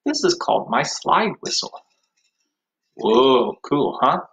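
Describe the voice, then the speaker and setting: Cheerful male music teacher, lively voice. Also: medium pitch, takes it slowly, rough recording. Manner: cheerful, sings along with ukulele. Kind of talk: online music class for young children.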